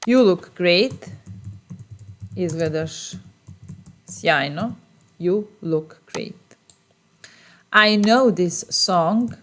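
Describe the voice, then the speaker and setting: A woman with a Serbian accent teaching short English phrases, repeating each one slowly and explaining patiently. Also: on the low side, animated. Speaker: language teacher. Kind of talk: bilingual phrase lesson.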